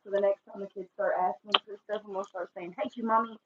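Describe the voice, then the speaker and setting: A woman's voice: mid-range voice, flat delivery, fast talker, noisy background. A woman chatting casually on a livestream, rambling with lots of fillers. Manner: rambling, filler-heavy and loose. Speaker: co-host, mother. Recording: tinny phone-like audio.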